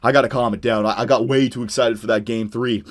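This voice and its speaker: A young man commentating on his own hockey video game, swinging between loud excited shouts and low muttered talk, his voice worn out. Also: quick pace. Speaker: gaming YouTuber.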